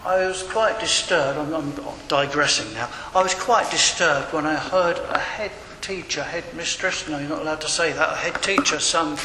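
A man's voice: on the high side, normal speed, hardly any pauses, bright, forceful tone. An older man preaching a sermon in a conversational manner, with wry digressions. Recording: echoey hall with faint room noise.

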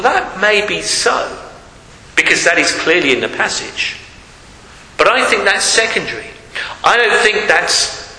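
A man's voice: sits high, pushed and bright. A man preaching a reflective sermon and asking rhetorical questions. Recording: echoey hall.

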